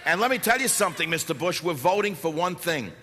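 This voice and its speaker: Brief: sarcastic male talk host, very lively pitch, hollering to a crowd in a big reverberant hall. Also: fast talker. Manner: impassioned, sarcastic, shouting at times. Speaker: talk radio host speaking to a live audience. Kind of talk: fiery political speech. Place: large hall before a live audience. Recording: echoey hall with faint background noise.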